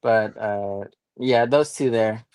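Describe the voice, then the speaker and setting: A man's voice: on the low side, slow pace, darkish tone, clean tone, dry recording. A man chatting as a podcast guest, easygoing and hesitant with fillers. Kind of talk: casual chat.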